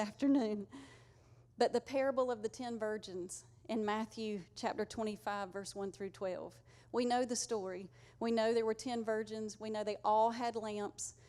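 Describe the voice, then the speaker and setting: A woman's voice: medium pitch, warm tone. A woman preaching a conversational, earnest sermon to her congregation. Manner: conversational, earnest, uses y'all.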